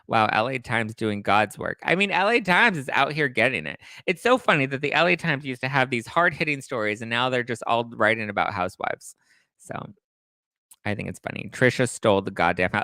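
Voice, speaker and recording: A young man hosts a casual gossip livestream from home, chatty and animated, breaking into high-pitched exclamations. His voice is bright and crisp. The sound is dry and close. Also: fairly quick, dry recording. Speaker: livestream host reading chat. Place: home in a city apartment.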